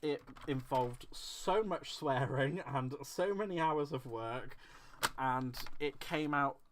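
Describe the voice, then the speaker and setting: Against a noisy background, a man with a mid-range voice speaks slowly as he hosts a crafting livestream. His talk is loose and meandering, full of self-mockery, and he answers the chat as he reads it.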